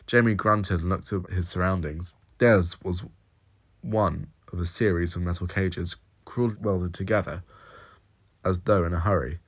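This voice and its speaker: Man, very deep voice, audio story reader, steady descriptive narration. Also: measured pace.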